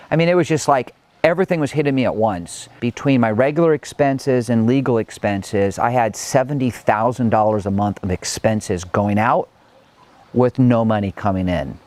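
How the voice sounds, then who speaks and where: A middle-aged man giving a personal motivational talk from his home, earnest and reflective, chatty and sometimes animated. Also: medium pitch. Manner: earnest and reflective, chatty with frequent "like" and "you know"; animated when recounting, with light laughs. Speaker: motivational speaker.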